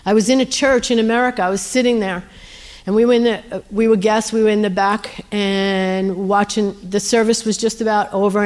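A middle-aged woman minister telling testimony stories in a sermon, animated and acting out the dialogue. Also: medium pitch.

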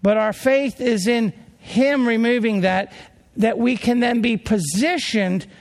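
A man preaching a sermon as a pastor, in an earnest, slow delivery full of rhetorical questions. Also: extremely high pitch. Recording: long hall reverb.

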